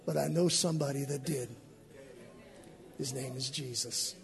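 Gravelly preacher, loud to hushed. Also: male voice, medium pitch, fairly even intonation, moderate pace. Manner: impassioned, swings from hushed to shouting. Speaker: pastor. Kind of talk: sermon with altar call.

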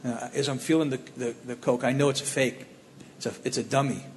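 A man from the Cleveland area telling his own testimony in a plainspoken, animated storytelling way. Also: medium pitch, brisk, in a large hall, a little hiss or hum.

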